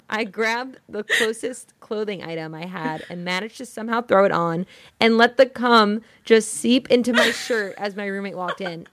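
Young woman, podcast co-host, casual giggly chat, gravelly fry, dry close mic. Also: medium pitch, fairly bright tone, no echo. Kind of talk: casual chat and reading a listener story. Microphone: studio mic.

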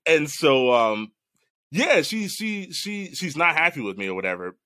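A man in casual chat recounting a strange dream, animated and laughing, swearing freely. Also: a little high, a little slow, dry recording, studio quality.

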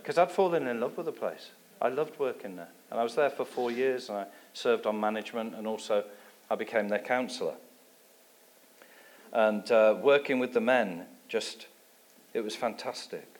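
A man from England giving a sermon with a personal testimony, telling his story in a lively way and dropping his voice low for asides. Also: normal speed. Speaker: guest preacher.

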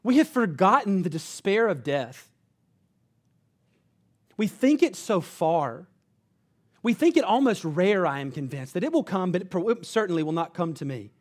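High-voiced earnest man preaching. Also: very animated, normal speed, long pauses. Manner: earnest preaching, dropping to low quiet emphasis. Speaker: pastor. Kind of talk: sermon.

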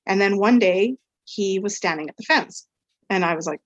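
A woman guest on a podcast, an equine therapy practitioner, rambles casually through a personal story, leaning heavily on "like" and "um." Her voice sits at medium pitch and normal speed. The sound is lo-fi with no echo.

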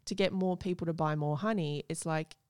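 A woman's voice: low-pitched, a little fast, a little mellow, smooth, no room sound, studio quality. A young adult woman, a honey taster, talking enthusiastically and descriptively in a casual podcast conversation. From Australia.

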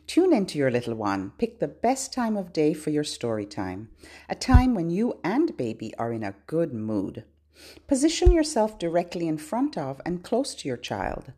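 A children's librarian hosts a podcast, offering gentle tips for parents and babies in a slow, sing-song manner. Her voice is deep, and her pitch swoops wildly.

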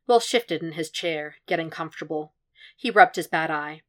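A woman with a lowish voice narrates a fan fiction podfic. She reads in a measured, even way, keeping the storytelling steady between the characters' lines. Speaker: podfic reader.

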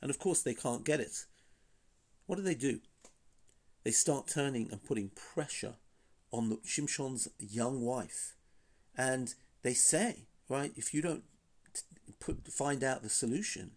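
A man of middle pitch teaches a Bible story in a loose, conversational manner. He asks rhetorical questions, hesitates with fillers, and reads Hebrew verses aloud before translating them. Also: expressive, measured pace, long pauses. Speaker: Bible teacher and podcast host. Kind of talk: informal spoken Bible lesson.

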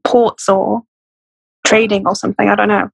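Husky woman with a Blackpool accent. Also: mid-range voice, flat delivery, moderate pace, dry recording, poor audio. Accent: English, Blackpool. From England. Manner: open, chatty, musing. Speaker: podcast guest. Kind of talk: casual conversational interview.

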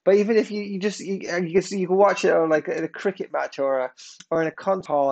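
A man preaches a sermon emphatically, swinging between loud declarations and hushed, slowed passages. His voice is high-pitched, and the sound is lo-fi.

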